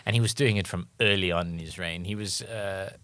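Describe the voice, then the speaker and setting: A man co-hosting a casual comedic trivia podcast, from South Africa, talking in a rambling, animated way and laughing often. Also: low-pitched, fairly quick, no echo. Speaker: podcast co-host.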